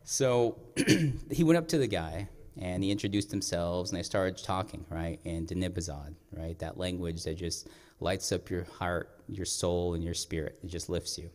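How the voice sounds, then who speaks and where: A young man tells a personal story from a stage, earnest and reflective, often pausing to clear his throat. His voice sits low. A long hall reverb trails each phrase. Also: darkish tone. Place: performing arts center stage.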